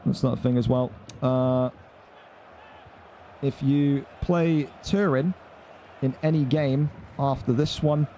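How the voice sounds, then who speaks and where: Young guy ranting at his stream chat, cursing a lot, mellow dark voice, bit of hiss behind. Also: mid-range voice, slow pace, long pauses. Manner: irritated, swearing, scolding. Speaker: esports tournament streamer.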